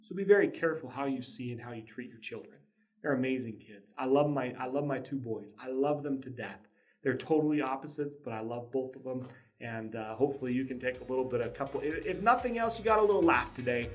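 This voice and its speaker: Speaking briskly at a medium pitch, this podcast host and dad shares a family story in a laid-back motivational talk about parenting. He's earnest throughout, with frequent chuckles and plenty of restarts.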